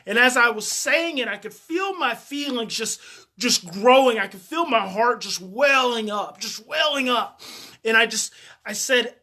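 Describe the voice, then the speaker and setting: A man speaking as a parenting educator tells a personal story with deep feeling. His voice is bright and forceful, and he often circles back to repeat a phrase. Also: moderate pace.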